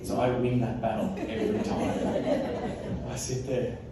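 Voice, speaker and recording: A man's voice: lowish voice, little pitch movement, moderate pace, heavy reverb, recorded from a distance, very noisy. A man in his thirties with an Australian accent, giving a comic keynote talk on stage, laughing often and acting out voices in his stories. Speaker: keynote speaker. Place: large hall with live audience.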